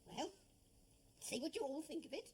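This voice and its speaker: An actress playing a bossy middle-aged cook in a period television drama. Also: female voice, high voice, lively intonation, moderate pace, darkish tone, a little hiss or hum. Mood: brisk.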